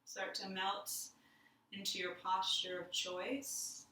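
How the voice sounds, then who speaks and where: A woman yoga teacher giving slow, gentle cues for poses and a guided meditation. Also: mid-range voice, level tone, slight background noise. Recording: very echoey room, distant mic.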